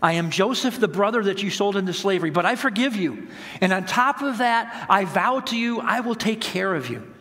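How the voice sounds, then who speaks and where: A man's voice: high voice, expressive, brisk, pushed and bright, in a large hall, voice pushed up. A man voicing a biblical ruler who tearfully forgives his brothers, declaiming with fervor. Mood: fervent. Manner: fervent, declaiming.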